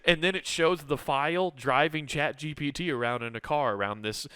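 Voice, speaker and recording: A comedian co-hosting a podcast, telling a story with casual profanity and frequent laughter. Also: male voice, a little high, normal speed, pushed and bright, clean tone, no room sound, studio quality.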